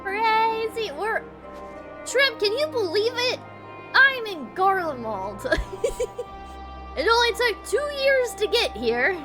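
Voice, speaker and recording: Bubbly high-voiced woman streamer. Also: very animated, takes it slowly, long pauses. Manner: bubbly, chatty with viewers. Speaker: game streamer. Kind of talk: casual gameplay commentary. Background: game music.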